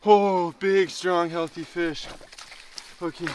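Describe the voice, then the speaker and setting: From inside a small flip-up shelter, a young man vlogs his ice fishing trip in a high voice at a measured pace. He talks casually, swears freely, and bursts into loud, excited exclamations, with a little hiss or hum in the background.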